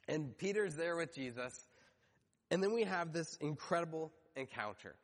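High-voiced man preaching in a reverberant hall. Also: animated, moderate pace. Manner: storytelling, acts out quoted voices briefly. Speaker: pastor. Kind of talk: sermon.

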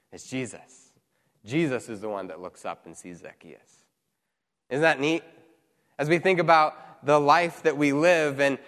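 Male pastor, slightly high voice, storytelling sermon, echoing church sound. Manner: animated storytelling preacher, repeats words.

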